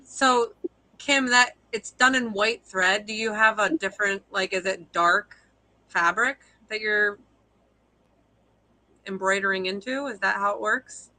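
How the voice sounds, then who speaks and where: A woman's voice: medium pitch, unhurried, pushed and bright, dry recording, low-quality recording. A young woman, a fiber artist guest, chatting casually on a live video call, rambling and self-deprecating with frequent laughs.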